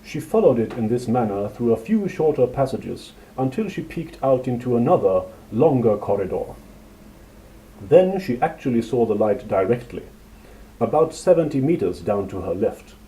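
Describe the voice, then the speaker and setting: A man narrating a fantasy story in a steady, measured reading. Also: medium pitch, rough recording.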